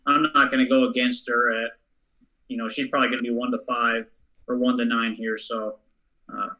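A man's voice: mid-range voice, little pitch movement, moderate pace, sharp tone, rough recording. A man on a racing panel explaining his pick in a plain, confident way. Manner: matter-of-fact, confident. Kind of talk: casual handicapping talk.

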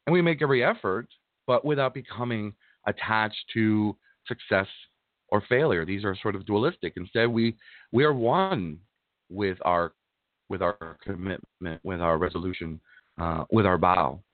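A man speaks in a somewhat low voice, delivering an informal Buddhist talk. He is gentle and halting, often restarting his phrases and leaning on fillers. The recording is dry, with a narrow, phone-like sound. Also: no room sound. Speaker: Buddhist minister giving a dharma talk.

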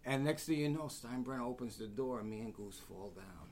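A man, telling lively stories as a guest and acting out the voices of the people in them. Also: medium pitch, brisk. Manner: animated, acts out quoted voices. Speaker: guest storyteller. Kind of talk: casual anecdotes.

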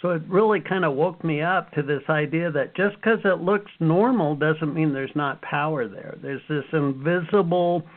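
A man in his fifties, an author telling lively stories from his life as an interview guest. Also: on the high side, normal speed, hardly any pauses. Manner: animated storyteller, acts out his own past reactions. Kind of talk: storytelling interview answers. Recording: phone-like narrow sound.

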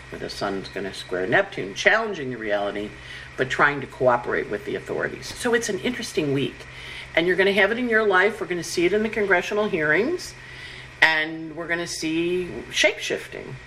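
Middle-aged woman astrologer, low voice, chatty forecast, faint room hiss. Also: low-quality recording. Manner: chatty, animated, breaks into high-pitched quoted voices. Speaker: astrologer host. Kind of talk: casual weekly astrology forecast.

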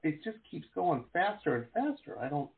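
A man in his forties hosting an interview, rambling and excitable with lots of fillers and restarts, on a video call. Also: a little high, moderate pace, vocal fry. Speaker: show host. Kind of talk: casual interview chat. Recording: tinny phone-like line.

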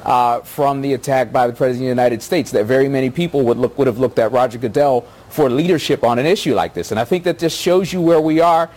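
A man with a mid-range voice offers measured commentary on a news panel. He speaks thoughtfully, pausing often with small fillers. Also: medium pitch, a little mellow. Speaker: political analyst.

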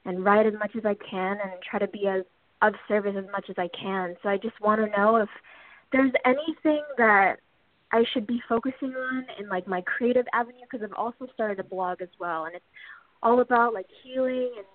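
A woman's voice: medium pitch, a little fast, dry recording. A young woman calling in to ask about her path, eager and chatty, with many ums and likes. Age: young adult. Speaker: caller. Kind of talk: call-in question. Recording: dry tinny phone line.

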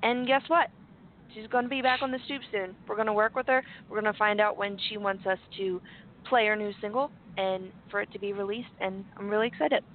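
A woman's voice: mid-range voice, fairly even intonation, fairly quick, slight background noise. Giggly woman co-host, tinny sound. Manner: upbeat, giggly. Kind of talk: casual live show chat.

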